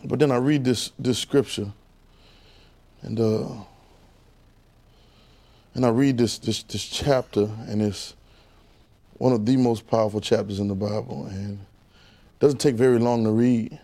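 A man preaching a conversational sermon, animated and repetitive, firing rhetorical questions at his congregation. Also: medium pitch, a little slow, pauses often.

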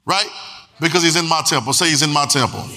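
A man's voice: fairly high pitch, fast, background noise. A man pastor preaching a sermon in a church, repeating phrases and singing out lines with emphasis. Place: church sanctuary. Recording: long hall reverb.

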